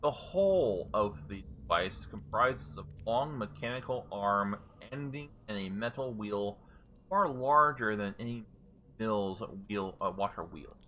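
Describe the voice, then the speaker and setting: A man's voice: fairly low pitch, animated, unhurried, muffled recording, a little hiss or hum. A man acting as game master, reading out scene descriptions and correcting himself as he goes. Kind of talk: narrating a tabletop game.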